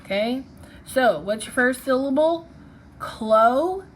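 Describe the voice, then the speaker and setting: A woman's voice: high voice, lively intonation, slow pace, slight background noise. A woman teaching a phonics lesson, patiently sounding out syllables and letters one by one.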